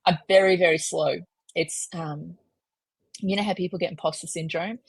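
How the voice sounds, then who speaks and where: A woman, a podcast guest, telling stories in a lively, self-mocking way and laughing often. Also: lowish voice, moderate pace, vocal fry, husky, dry recording. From Australia. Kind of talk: casual storytelling in a podcast interview.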